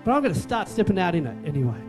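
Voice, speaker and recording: A man's voice: high-pitched, big pitch swings, rapid-fire, music in the background. A man preaching a sermon as pastor, emphatic and repetitive, with joking asides.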